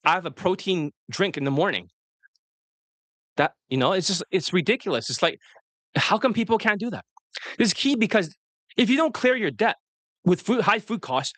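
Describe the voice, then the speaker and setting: A man's voice: on the high side, fairly bright tone, no echo. A man coaching students on dating in casual livestream talk, blunt and rambling, with frequent swearing.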